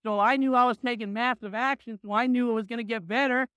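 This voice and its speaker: A man's voice: very high-pitched, fairly even intonation, fast, fairly bright tone, clear, resonant tone, no echo. A man in his sixties giving a blunt, punchy motivational talk to a business crowd, often tossing in "right?".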